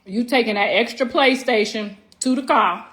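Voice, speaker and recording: A middle-aged woman with a high voice hosts a livestream from home, brash, profane and teasing as she talks straight to her viewers. She stretches words out for emphasis, and dishes and cutlery clink faintly behind her. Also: moderate pace, fairly bright tone. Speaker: livestream host. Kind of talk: casual livestream chat. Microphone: phone livestream.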